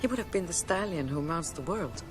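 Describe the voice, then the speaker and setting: A woman's voice: on the low side, animated, a little fast, soft background music, close to an everyday voice. An actress as a cold, vengeful witch. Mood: grave.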